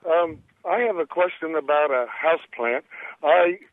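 A man's voice: fairly high pitch, a little slow, dry recording. A man calls in to a radio show over a tinny phone line. He is earnest and rambles, restarting his sentences. The sound is dry. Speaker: caller. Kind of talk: phone-in question.

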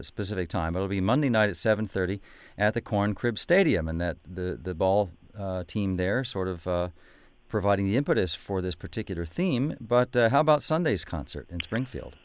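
A male radio host interviewing a guest in a relaxed, conversational way. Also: lowish voice, clean tone, no room sound. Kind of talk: radio interview, asking questions.

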